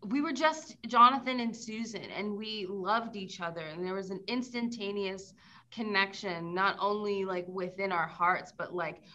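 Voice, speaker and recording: A woman's voice: medium pitch, moderate pace, sharp tone, dull audio, slight background noise. An actress being interviewed, speaking in an earnest, heartfelt way about working with her co-star. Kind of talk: casual interview chat.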